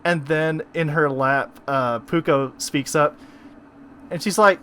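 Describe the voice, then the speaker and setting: A man narrating a tabletop game as game master, animated and often laughing. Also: fairly high pitch, slow pace, clear, resonant tone.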